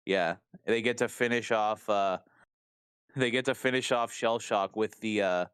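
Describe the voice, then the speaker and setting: A man's voice: on the low side, measured pace, a bit bright, smooth, no room sound. Male podcast co-host, casual and jokey; resonant voice, dry recording. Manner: loose, laughing often, swears casually. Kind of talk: casual recap chat.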